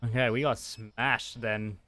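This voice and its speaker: Bright-voiced man streaming a game. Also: medium pitch, fairly even intonation, slow pace. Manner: plays a shopkeeper greeting customers, talks to himself; frantic outbursts when busy. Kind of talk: casual gameplay chat.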